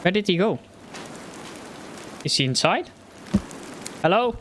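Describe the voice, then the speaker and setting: A man's voice: high voice, very animated, takes it slowly, a bit bright, slight background noise. A man commenting on his own gameplay, muttering nervously to himself and yelping when scared. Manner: jumpy, frightened muttering to himself. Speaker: gamer. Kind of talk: let's play commentary.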